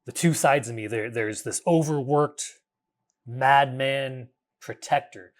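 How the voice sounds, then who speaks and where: A man in his thirties hosting a reflective solo podcast, talking earnestly in a halting way with frequent restarts and casual swearing. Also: medium pitch. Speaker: podcast host.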